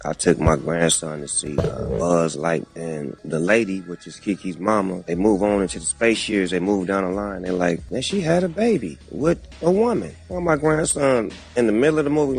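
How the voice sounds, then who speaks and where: A man's voice: deep voice, moderate pace, creaky, few pauses, a little mellow, slightly rough, faint music behind. A grandfather telling a laid-back anecdote in a played clip.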